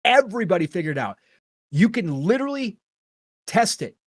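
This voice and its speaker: A man's voice: high voice, big pitch swings, normal speed, no echo. A middle-aged man hosting a gaming podcast, talking in an earnest, rambling, opinionated way with casual swearing. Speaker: podcast host.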